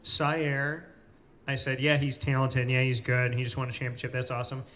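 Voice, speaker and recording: A man hosting a casual interview in a cafe, telling stories with lively retellings of what people said. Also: mid-range voice, moderate pace. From Central New York. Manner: animated storyteller, acts out quoted people. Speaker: host.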